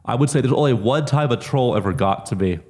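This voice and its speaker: A man being interviewed as a fighter, talking casually with lots of "like" and growing lively when he tells stories. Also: medium pitch, fast talker. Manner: relaxed, heavy use of "like", lively when telling stories. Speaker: MMA fighter, interview guest.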